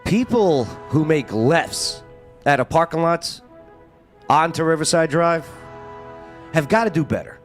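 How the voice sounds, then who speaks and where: A man's voice: a little high, measured pace, long pauses, soft background music. A man hosting a casual talk show, joking and plugging the show. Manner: animated, joking, plugs the show. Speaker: show host.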